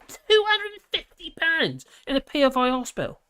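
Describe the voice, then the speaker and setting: A man's voice: very high-pitched, wildly swooping pitch, a little fast, few pauses, sharp tone, clear, resonant tone. A man from the UK hosting a live stream, chatting in a rambling way and reading viewer comments, tired and often laughing. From United Kingdom.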